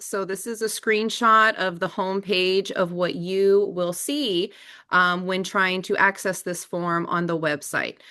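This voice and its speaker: A woman's voice: mid-range voice, fairly bright tone, clear, resonant tone. A woman, an assistant director presenting an informational webinar over a video call, friendly and emphatic with frequent fillers.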